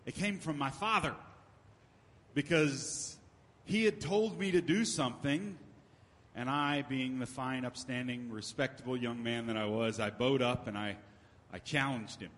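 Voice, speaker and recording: A man's voice: medium pitch, unhurried, fairly bright tone. A man preaching a sermon as pastor, in a conversational style with emphatic repetition. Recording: long hall reverb.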